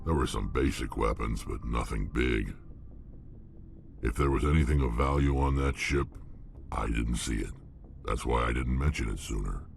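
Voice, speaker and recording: A hulking alien mercenary from a video game, his voice sunk to an extremely low rumble. It grinds with a gravelly rasp. He talks in blunt, clipped bursts. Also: moderate pace, faint music behind, heavily acted. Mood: gruff. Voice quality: deep gravelly growl. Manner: blunt, clipped, terse sentences. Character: huge gruff alien mercenary, male, battle-hardened.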